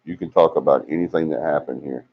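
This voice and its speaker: Here a man with a very deep voice talks fast and fairly evenly while hosting a laid-back livestream. He's from Alabama, reads viewer comments, and teases people chattily, all captured in dull lo-fi stream audio.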